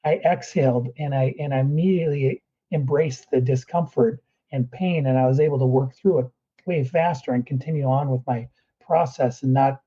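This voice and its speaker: Husky, mellow-voiced man coaching breathwork. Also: medium pitch, moderate pace, lo-fi sound. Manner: earnest, guides listener through breathing steps. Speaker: performance coach guest. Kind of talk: conversational podcast interview.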